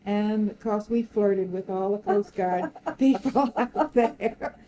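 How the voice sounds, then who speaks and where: A woman's voice: medium pitch, slow, slight background noise, rough recording. An older woman recalling old times in an interview, telling her story with frequent laughter. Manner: lively storyteller, laughs often, acts out quoted speech. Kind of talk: oral history reminiscence.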